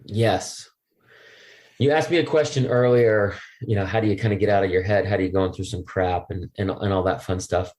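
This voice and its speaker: A middle-aged man, a podcast guest, telling stories in a lively, jokey way. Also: fairly low pitch, a little fast. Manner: lively and jokey, acts out quoted voices. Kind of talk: animated storytelling.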